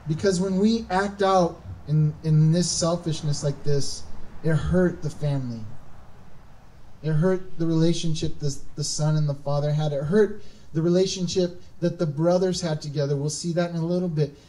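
A man preaching a sermon as pastor, animated, acting out quoted voices with emphatic rises. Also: a little high, moderate pace, distant mic, poor audio. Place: church.

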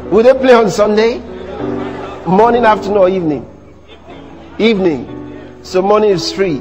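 A man preaching a sermon to a church congregation, animated, teasing the audience with rhetorical questions and mimicry. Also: high-pitched, normal speed, long pauses, long reverb tail, soft background music. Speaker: pastor.

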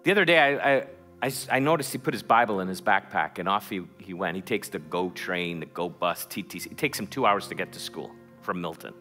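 A man's voice: sits low, animated, brisk, sharp tone, soft background music. A middle-aged man preaching a sermon in a church, telling a story with stammered restarts before building to fervent calls. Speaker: pastor. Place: church sanctuary.

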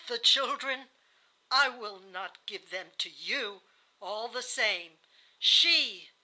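A woman voicing a bitter, feverish dying wife who speaks haltingly and cries out in anguish. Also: mid-range voice, very animated, pushed and bright, heavily acted, rough recording.

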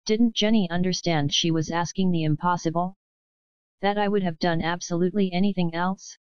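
A woman reads a novel aloud in a measured first-person delivery. Her voice is low-pitched and smooth, recorded dry with a slightly muffled, lo-fi sound. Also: fairly even intonation, dry recording. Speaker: audiobook narrator. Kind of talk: scripted audiobook narration.

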